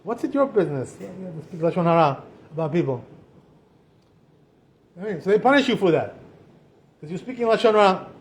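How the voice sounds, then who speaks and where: A rabbi gives a loose, conversational talk to a room of listeners, leaning on "you know" and "right?" at every turn. His voice sits fairly high for a man, and he jumps into animated little impressions to make a point. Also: a little fast, long pauses. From Israel. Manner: chatty, peppers speech with "you know" and "right?"; animated, acts out quoted voices. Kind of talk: informal Torah talk.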